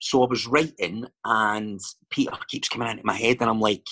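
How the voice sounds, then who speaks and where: A man's voice: lowish voice, fairly quick, sharp tone, slightly rough. A Scottish man chatting casually as a guest, telling stories and wandering off into digressions with lots of fillers. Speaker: actor and filmmaker guest. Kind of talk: casual chat.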